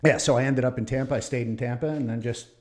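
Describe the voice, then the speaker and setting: A man's voice: medium pitch, fast. A middle-aged American man telling stories in a casual podcast chat, acting out what others said and laughing often. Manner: animated storyteller, acts out quoted voices, laughs often. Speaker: podcast guest.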